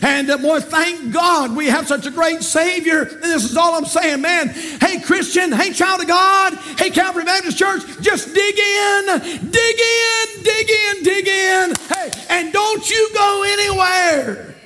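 A pastor with a Southern US accent preaches from the pulpit, his voice sitting very high for a man. He moves between quiet, storytelling passages and ringing, emphatic calls to his church. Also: a little slow, few pauses, slight background noise. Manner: emphatic preaching that rises to shouts and drops low. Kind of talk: sermon with storytelling.

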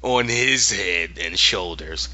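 Male podcast host, animated and chatty, very bright and tense tone, lo-fi audio. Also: low voice, slow, no echo. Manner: animated, laughing, many restarts. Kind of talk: casual chat recapping a TV episode.

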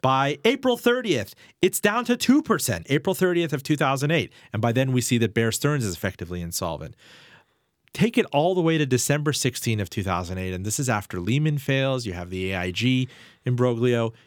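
A man's voice: mid-range voice, animated, fairly quick, dry recording, studio quality. A man hosting a finance interview, asking probing, rhetorical questions and laying out events with dates and figures. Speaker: interview host.

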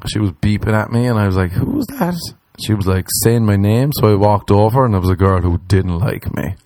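A man's voice: lowish voice, fast, a little mellow, no room sound. A man, a podcast host, telling rambling, profane comic stories in a casual monologue. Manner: rambling, profane storytelling that slips into mock voices. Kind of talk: comedic monologue.

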